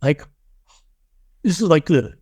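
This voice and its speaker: Interview guest: a man with a slightly high voice, earnest and emotional, storytelling with restarts. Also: expressive, takes it slowly, darkish tone, slightly rough. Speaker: guest, spiritual teacher.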